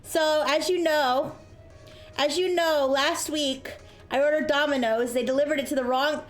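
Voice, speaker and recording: High-voiced woman streamer telling a story. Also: normal speed. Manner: animated storytelling, acts out yelling voices. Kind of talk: casual stream chat. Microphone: desk microphone. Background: soft music.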